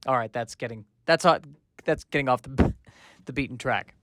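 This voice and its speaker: A man's voice: medium pitch, normal speed, a bit bright, dry recording, clean studio sound. A man hosting a solo comedy podcast, rambling through tangents with lots of fillers. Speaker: podcast host.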